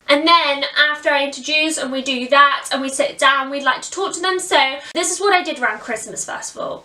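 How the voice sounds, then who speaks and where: A British woman with a high, bright voice, chatting through a costume tutorial step by step. She is recorded in a roomy room at home. She stands a little back from the mic. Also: brisk, few pauses, recorded from a distance. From Britain. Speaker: costume character performer. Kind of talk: tutorial narration.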